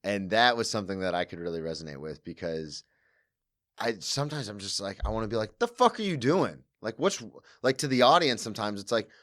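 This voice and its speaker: Dude hosting a podcast, kinda low voice, chill and swears a lot. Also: male voice, quick pace. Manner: relaxed, swears freely, short back-channel replies. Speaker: podcast host. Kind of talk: casual podcast chat.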